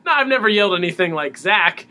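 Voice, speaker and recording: A man with a bright, forceful voice pitched a little high chats casually as a musician guest. He talks in halting bursts and often restarts his sentences. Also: expressive. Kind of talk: casual interview chat.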